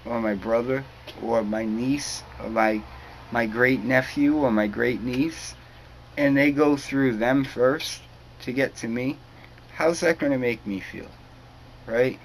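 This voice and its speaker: A man's voice: medium pitch, slow pace, slight background noise, low-quality recording. A young man from New England in a rambling, heated, profane monologue to camera. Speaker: vlogger.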